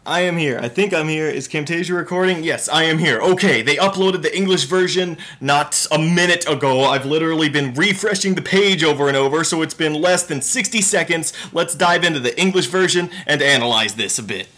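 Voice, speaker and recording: A man hosting a video game reaction channel, talking excitedly and rambling through reactions and gameplay analysis at home on a built-in laptop mic. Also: fairly high pitch, a little fast, few pauses. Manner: excitable, exclamatory, rambling with fillers.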